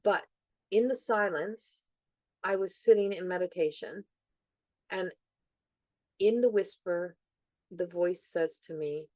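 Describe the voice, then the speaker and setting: A woman's voice: lowish voice, slow pace, long pauses, dark tone, dry recording. A middle-aged woman hosting a podcast, talking in an earnest, reflective way and repeating phrases for emphasis. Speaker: podcast host. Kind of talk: reflective casual chat.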